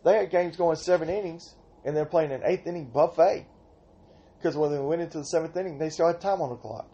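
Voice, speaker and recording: An older man hosting a podcast, telling softball stories in an exasperated, ranting way with sudden outbursts. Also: fairly high pitch, brisk. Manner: exasperated storytelling, rhetorical outbursts. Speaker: podcast host and senior softball player. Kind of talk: casual podcast rant.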